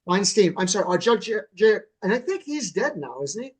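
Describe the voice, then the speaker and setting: A man's voice: sits high, very animated, fairly quick, breathy edge. A man hosting an interview, asking brief, blunt questions and adding short acknowledgements. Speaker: host.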